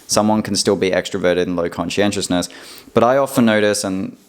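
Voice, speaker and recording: Casting note: man, lowish voice, rambling reflective solo monologue. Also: steady tone, fairly quick, clear, resonant tone. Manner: rambling, reflective, many fillers and restarts. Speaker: vlogger. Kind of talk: casual personal monologue.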